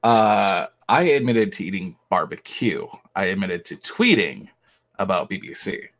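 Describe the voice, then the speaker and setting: A man's voice: deep voice, lively intonation, measured pace, fairly bright tone. A man hosting a casual podcast, joking around and swearing freely. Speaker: podcast host. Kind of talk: casual chat.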